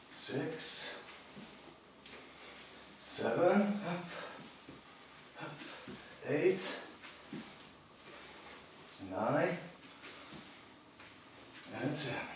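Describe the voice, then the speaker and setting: A man leading a physiotherapy workout, explaining each movement and counting reps in a calm, encouraging way. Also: mid-range voice, noisy background. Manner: calm, encouraging, demonstrates while talking. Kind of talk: exercise instruction, counting reps. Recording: echoey room, voice from a distance.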